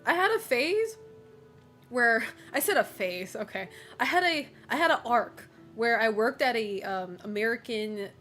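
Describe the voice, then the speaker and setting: A woman's voice: a little high, fairly bright tone. A woman streamer chatting casually with her viewers, rambling with lots of fillers and giggling often.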